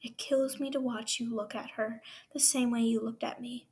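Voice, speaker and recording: A woman reading aloud a farewell letter from a heartbroken young man, softly and half whispered. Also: on the high side, fairly even intonation, moderate pace, husky. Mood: sorrowful.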